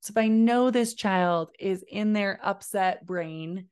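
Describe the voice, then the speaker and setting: A woman giving a parenting lesson, talking in a calm, deliberate way and modeling slow, low phrases. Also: smooth. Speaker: parenting educator. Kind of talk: instructional talk to camera.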